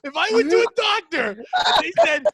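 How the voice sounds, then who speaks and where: A man co-hosting a casual podcast, riffing loudly with jokes and frequent laughter. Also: extremely high pitch, huge pitch swings, normal speed, a crowd in the background. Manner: joking, giggly, loud riffing. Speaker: podcast co-host.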